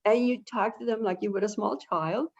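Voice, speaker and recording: A woman answering viewer questions as an expert guest on a webinar, chatty and animated, often acting out how to talk to birds. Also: mid-range voice, moderate pace. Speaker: avian behavior consultant, guest expert. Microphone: video call. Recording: dull lo-fi webinar audio.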